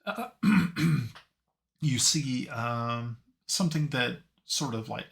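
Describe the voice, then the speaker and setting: A man narrating a tabletop game as game master, halting and searching for his words. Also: medium pitch, lively intonation, creaky, fairly bright tone.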